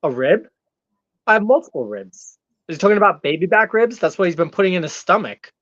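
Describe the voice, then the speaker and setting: A man's voice: high-pitched, big pitch swings, brisk, a bit bright, dry recording, heavily acted. A man playing a brash, arrogant male heel wrestler persona as a guest on a talk show, ranting and taunting in character. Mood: cocky. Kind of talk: in-character comedic rant. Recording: dull, dry lo-fi sound.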